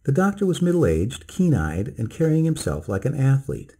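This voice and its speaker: A man narrating a bedtime story in the first person, slow, measured and dramatic. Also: sits low, very animated, mellow, husky.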